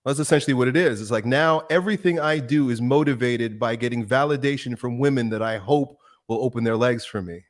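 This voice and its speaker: A man with a mid-range voice talks as a podcast guest, earnest and preachy. He builds each point toward a forceful statement. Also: mid-range voice, fairly quick, few pauses. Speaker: guest, fitness YouTuber. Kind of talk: earnest interview conversation.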